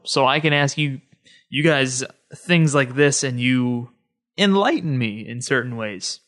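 With a smooth, medium-pitched voice and a fairly bright tone, a podcast host chats to his audience alone in a relaxed monologue.

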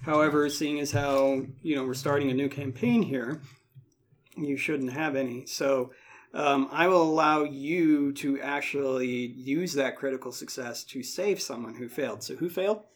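A man's voice: mid-range voice, steady tone, moderate pace. A man running a tabletop game as game master, explaining rules in a chatty way with many fillers.

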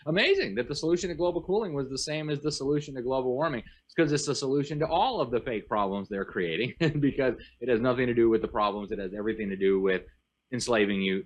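A man speaking as a guest commentator in an interview, emphatic and rattling off long lists. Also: mid-range voice. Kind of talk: animated interview talk.

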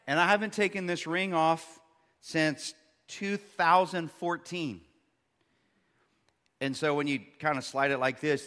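A pastor in his thirties preaching a sermon, swinging between loud, emphatic peaks and quiet, hushed stretches. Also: a little high. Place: large church hall. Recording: long church hall reverb.

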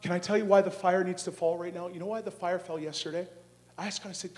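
A middle-aged man preaching a charismatic sermon, asking the crowd questions and swinging from hushed, drawn-out words to shouting. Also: sits high, fairly even intonation.

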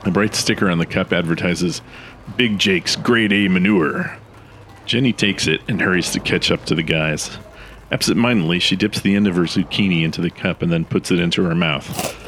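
Deep, deadpan male narrator. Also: brisk, a little hiss or hum.

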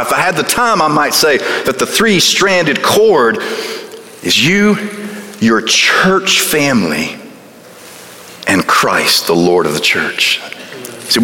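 A man's voice: medium pitch, bright, forceful tone. A man pastor preaching a sermon in a folksy, emphatic way, full of rhetorical questions. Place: church sanctuary. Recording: echoey church sanctuary with long reverb.

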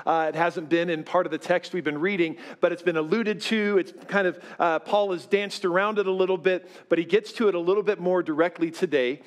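A man of fifty preaching a sermon as pastor to his church, talking in a loose, self-deprecating way with many fillers. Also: sits high. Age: 50s. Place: church sanctuary with live congregation.

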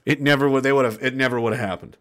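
A man's voice: mid-range voice, steady tone, racing. A man speaking to his viewers in an impassioned, profane, rambling monologue. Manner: profane, rambling, fervent, with restarts. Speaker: online commentator.

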